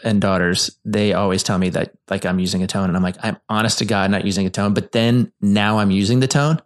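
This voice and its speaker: A man's voice: lowish voice, a little fast. A man co-hosting a podcast as a therapist, telling stories animatedly and acting out what people say. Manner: animated storyteller, acts out quoted lines. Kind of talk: casual podcast chat.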